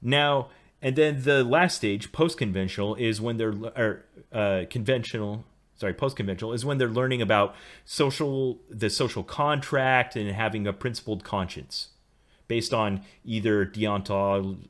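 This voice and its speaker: A middle-aged man with a somewhat low voice co-hosts a casual podcast. He explains his ideas at length, laying them out step by step like a lecture. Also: normal speed, fairly bright tone. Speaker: podcast co-host.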